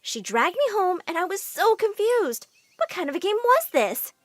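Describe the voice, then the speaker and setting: A woman narrating an animated story in the first person, in an animated, expressive storytelling manner. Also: extremely high pitch, normal speed, dry recording.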